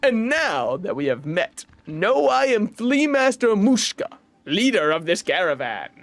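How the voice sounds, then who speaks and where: Man doing a courtly bug caravan leader for a game, fake european-ish accent, broken english, slow and high. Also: big pitch swings, fairly bright tone, full character voice. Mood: welcoming. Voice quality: put-on somewhat European accent, broken grammar. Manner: slow, grand, welcoming delivery. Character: hospitable male flea caravan leader, courtly.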